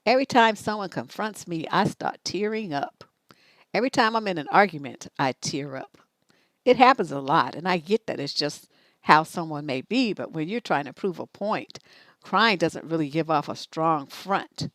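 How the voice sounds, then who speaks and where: With a low, animated voice and a fairly bright tone, this middle-aged woman hosts a live stream giving relationship advice at a moderate pace. She scolds and swears bluntly while acting out both sides of each exchange, and there's no echo.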